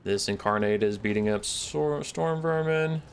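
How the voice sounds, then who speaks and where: His voice is on the low side with vocal fry, measured in pace, over slight background noise. He's streaming a strategy game and casually narrating his moves, making playful, mock-scolding asides and poking fun at himself.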